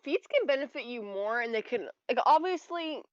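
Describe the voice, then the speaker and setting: A woman's voice: high-pitched, expressive, moderate pace, dry recording. Brief: rambling woman player, chatty, dull dry recording. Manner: rambling, full of "like" fillers. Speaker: tabletop game player. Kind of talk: casual chat over voice call.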